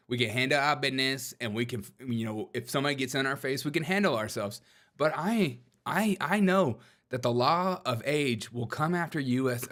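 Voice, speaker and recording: A man's voice: medium pitch, fairly bright tone. Male commentary host riffing and mocking, keeps laughing. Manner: joking and mocking, breaks into laughter often. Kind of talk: comedic political commentary.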